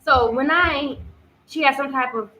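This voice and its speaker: A woman's voice: high voice, a little slow, bright, forceful tone, slight background noise, poor audio. A young woman telling a personal story in a casual, rambling way, with many fillers and repeated phrases. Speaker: vlogger.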